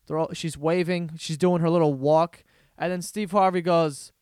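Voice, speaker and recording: Guy ranting on his podcast, swears a lot, kinda high smooth voice, dead dry sound. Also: fairly even intonation, normal speed, a little mellow, no echo. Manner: profane, rambling storytelling with frequent laughs. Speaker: podcast host. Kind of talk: casual solo podcast rant.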